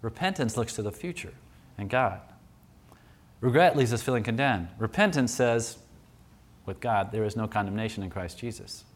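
A man's voice: on the low side, normal speed, pauses often. A man preaching a sermon in a conversational, storytelling way, often restarting his sentences.

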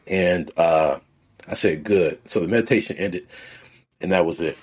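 Low husky-voiced man telling a story. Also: normal speed. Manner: relaxed, rambling storyteller with many fillers. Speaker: podcast guest. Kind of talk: casual conversational storytelling.

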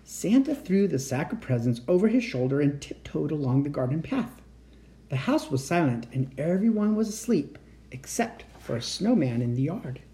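A man reading a children's picture book aloud as a bedtime storyteller, expressive and animated. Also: fairly high pitch, normal speed.

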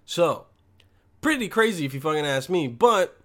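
A man's voice: on the high side, animated, moderate pace, a bit bright. Foul-mouthed man rambling on. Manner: crude, rambling, loses his thread, heavy swearing; blunt and combative. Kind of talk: profane rambling monologue.

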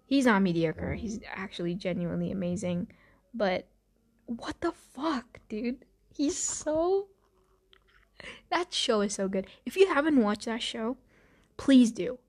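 A woman's voice: medium pitch, lively intonation, a little slow, a little mellow. A woman hosting a casual chat, rambling and swearing freely, with laughs and restarts. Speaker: podcast host.

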